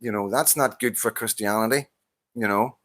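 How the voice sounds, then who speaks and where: A man's voice: lowish voice, normal speed, a bit bright, dry recording. A man with a Northern Irish accent, talking to camera in a heated, casual monologue as he answers a viewer, swearing often and stumbling over repeated restarts. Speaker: vlogger answering a viewer's comment.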